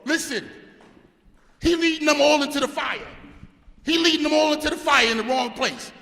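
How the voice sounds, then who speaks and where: A brash man throws taunts at a press conference. His voice sits very high, with a bright, gravelly edge. It rings through a reverberant hall. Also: moderate pace. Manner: brash, repetitive taunting, loud. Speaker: boxing team captain. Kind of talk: press conference trash talk.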